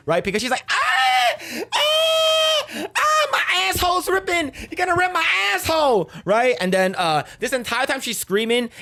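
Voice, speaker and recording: A man's voice: high voice, a bit bright. A man giving a casual, rambling movie recap, crude and profane and full of fillers. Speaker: movie reviewer.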